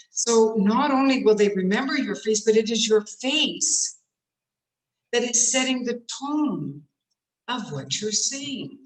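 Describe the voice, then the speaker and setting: A woman coaching speakers in an online workshop, talking in a demonstrative way and shifting her tone to show examples. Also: fairly high pitch. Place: home room on a video call. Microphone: computer mic on a video call. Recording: roomy echo.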